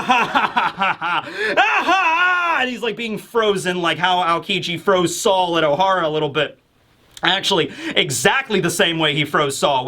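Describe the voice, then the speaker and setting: A man's voice: high-pitched, pushed and bright. A man in a casual manga review chat, talking enthusiastically and rambling, acting out lines.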